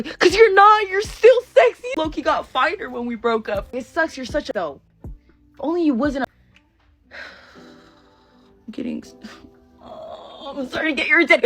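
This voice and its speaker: A woman talks through a theatrical, dramatic monologue, lurching between loud outbursts and hushed asides. Her voice sits a little high and swoops animatedly. Faint music plays underneath. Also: expressive, moderate pace. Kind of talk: casual video monologue.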